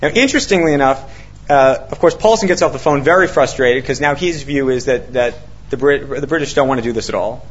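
A man's voice: medium pitch, brisk, breathy edge. A man telling a long story to an audience, acting out what people said, with many fillers and restarts. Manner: animated, acts out quotes, many fillers and restarts. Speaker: author speaking to an audience. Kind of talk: storytelling talk with quoted dialogue. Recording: dull lo-fi recording.

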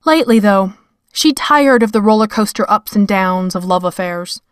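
A woman reading fiction aloud in a measured, wry storytelling manner. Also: mid-range voice, expressive, clean tone, no echo, studio quality. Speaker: narrator. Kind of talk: scripted fiction narration.

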